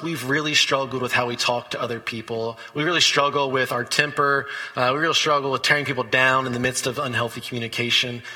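A man's voice: medium pitch, bright, forceful tone, breathy edge, in a large hall, low-quality recording. A man preaching a sermon as pastor, talking conversationally and telling stories between scripture readings.

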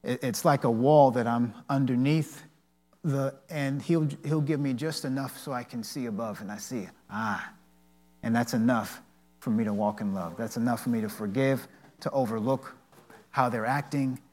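An earnest man giving a devotional teaching in a mid-range voice. He tells personal stories in a halting way and often restarts his sentences. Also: mid-range voice, darkish tone.

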